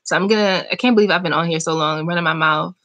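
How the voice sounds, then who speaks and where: Bright-voiced chatty woman. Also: fairly low pitch, rapid-fire, lo-fi sound. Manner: chatty, animated, talks back to chat comments. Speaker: vlogger hosting a live chat. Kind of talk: casual live-stream chat reading comments.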